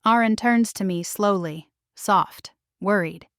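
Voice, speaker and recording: A woman reads a first-person romance story at a slow, deliberate pace. Her voice sits at a middle pitch and sounds dry and close, with no room echo. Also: a bit bright. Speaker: audiobook narrator.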